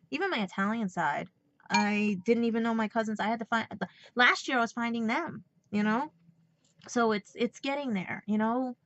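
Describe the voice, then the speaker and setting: A woman's voice: fairly high pitch, fairly bright tone, lo-fi sound. A woman with a New York accent talking emotionally in a rambling personal vlog, holding back tears. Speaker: vlogger.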